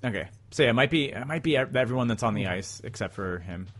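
A man's voice: medium pitch, lively intonation, quick pace, a bit bright, slightly rough. Laughing man in his forties, chatting. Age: 40s. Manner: laughs often and acts out quoted lines. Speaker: podcast co-host. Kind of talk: casual chat.

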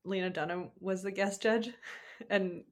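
A woman's voice: medium pitch, measured pace. Wry woman podcaster in casual chat. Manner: wry, deadpan sarcasm with laughs. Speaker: podcast co-host.

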